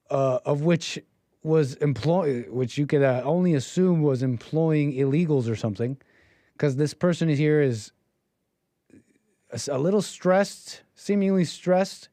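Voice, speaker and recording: A man's voice: mid-range voice, dark tone, dry recording. Opinionated man giving dry commentary. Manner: opinionated, mocking. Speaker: livestream host. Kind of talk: political commentary.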